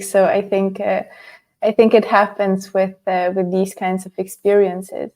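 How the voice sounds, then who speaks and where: A woman hosts an interview and puts long, careful questions to her guest. Her voice is mellow and quite flat in pitch, and she speaks in a gentle, measured way. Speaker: interview host.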